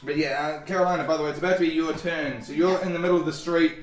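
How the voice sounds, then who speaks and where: A man's voice: on the high side, fairly even intonation, very fast, soft background music. A man narrating a tabletop game as game master, rambling and hesitant, with many fillers. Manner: rambling and hesitant, full of "sort of" and "like". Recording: roomy, from far off.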